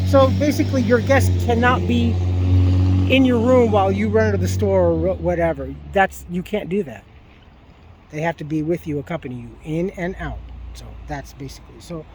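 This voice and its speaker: A man with a high voice, vlogging outdoors and speaking into a handheld phone. He tells his story in a profane, animated rant, with faint outdoor ambience behind him. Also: slight background noise. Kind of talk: casual walking vlog, ranting. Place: outdoors at a park.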